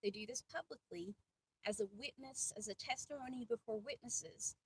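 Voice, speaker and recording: A woman's voice: on the high side, moderate pace, slightly rough. Chatty woman, distant mic. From American South. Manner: chatty, self-deprecating, many fillers and asides. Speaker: faith vlogger. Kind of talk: casual devotional talk. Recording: distant mic with faint ambient noise.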